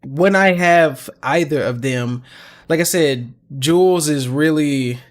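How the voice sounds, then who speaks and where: A man co-hosting a podcast, telling stories in a slangy, animated way. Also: a little high, slow pace. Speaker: podcast co-host. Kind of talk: casual chat.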